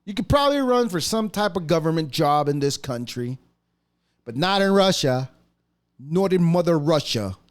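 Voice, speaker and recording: A man's voice: on the high side, expressive, moderate pace, smooth. A man hosting a podcast, ranting casually in a profane, mocking way. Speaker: podcast host. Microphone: podcast mic.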